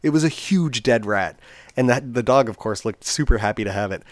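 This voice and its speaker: A man's voice: mid-range voice, expressive, fairly quick, no echo, clean studio sound. A man telling rambling, casual stories on a podcast. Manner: rambling, chatty, many fillers. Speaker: podcast co-host. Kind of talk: casual storytelling chat.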